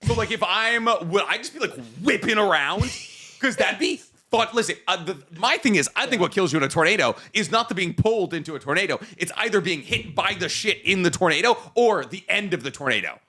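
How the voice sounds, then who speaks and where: Bright-voiced young man riffing and joking. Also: sits high, animated, fairly quick. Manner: profane, joking, laughs often, quotes others in mocking voices. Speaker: podcast co-host. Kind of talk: casual chat.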